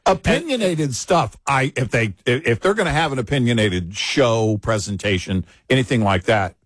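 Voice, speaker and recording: A man's voice: mid-range voice, lively intonation, no echo. A man co-hosting a talk radio show in casual political chat, chiming in often and restarting his sentences. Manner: frequent agreeing interjections, halting restarts.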